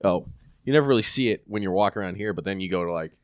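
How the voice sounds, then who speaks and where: A man's voice: sits low, very fast, no echo. A man, a comedian, in loose, rambling casual chat who laughs into his stories. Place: Sacramento area.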